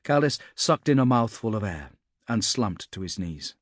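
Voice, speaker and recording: A man narrating a fantasy audiobook in a steady, measured storytelling manner. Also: fairly low pitch, no echo, studio quality.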